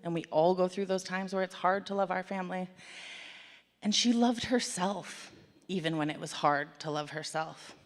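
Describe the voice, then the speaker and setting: A woman telling a story to children and the congregation at a worship service, in an animated, conversational way with playful asides. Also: on the low side, moderate pace. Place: church sanctuary. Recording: long hall reverb.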